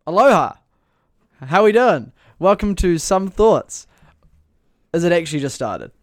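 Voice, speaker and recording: A man's voice: high voice, big pitch swings, unhurried, no room sound, clean studio sound. A man co-hosting a casual podcast, joking around and trailing off into fillers. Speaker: podcast co-host.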